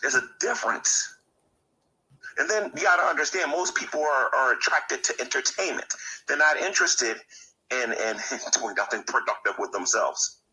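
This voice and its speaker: A man lecturing in an indignant, preachy tone, his voice very bright and cutting, and his pitch rising and falling widely. He trips over his words and repeats them as he pushes his point. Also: lively intonation, normal speed, low-quality recording. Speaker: YouTuber ranting about his community. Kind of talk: monologue rant to camera.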